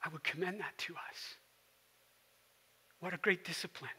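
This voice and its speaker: A man preaching a sermon as pastor, telling a story and dropping to a soft hush for quiet moments. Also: high-pitched, normal speed, breathy edge, long reverb tail. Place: church sanctuary.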